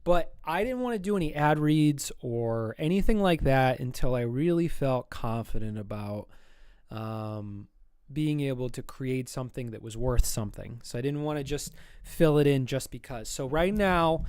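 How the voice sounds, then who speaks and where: A man's voice: mid-range voice, darkish tone, clean tone, no room sound. A man chatting casually while drawing on a livestream, rambling and joking at himself. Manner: rambling, self-mocking, chatty. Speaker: streamer and artist.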